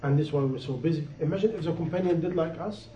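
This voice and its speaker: Man preaching, high voice, impassioned, repeats for emphasis, dull lo-fi recording. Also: quick pace, dark tone, a little hiss or hum. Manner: impassioned, repetitive, rising and falling emphasis. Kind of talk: sermon. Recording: echoey room, dull lo-fi sound.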